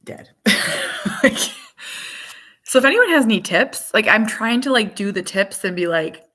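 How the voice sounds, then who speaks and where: A woman in her thirties, a mother, talking casually on a live chat stream, rambling with many fillers and quick laughs. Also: mid-range voice, expressive, a bit bright.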